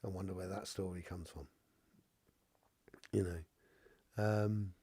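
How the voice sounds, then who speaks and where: A man's voice: sits low, little pitch movement, unhurried, long pauses, warm tone, slightly rough, dry recording. A middle-aged man with a cough and a stuffy nose, rambling casually through a live stream as he reads viewer comments. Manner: rambling, full of "you know" asides. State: has a cough and blocked nose. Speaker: spiritual reader hosting a live stream.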